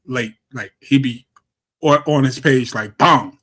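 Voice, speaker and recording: A man's voice: medium pitch, slow, a bit bright. A man from Brooklyn hosting a podcast, talking bluntly in casual gossip and laughing at his own takes. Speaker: podcast host. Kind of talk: casual chat.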